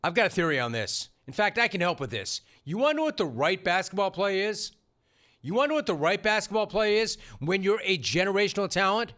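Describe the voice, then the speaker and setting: A man's voice: high-pitched, sing-song, brisk, sharp tone. A middle-aged man hosting a sports talk show, delivering an opinionated monologue in a punchy, sarcastic way. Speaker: sports radio host.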